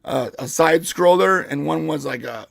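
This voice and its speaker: Hoarse male podcast host, a bit high and gravelly, dry close sound, excitable. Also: normal speed, no room sound. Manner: excitable, leads the topics. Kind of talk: casual live podcast chat.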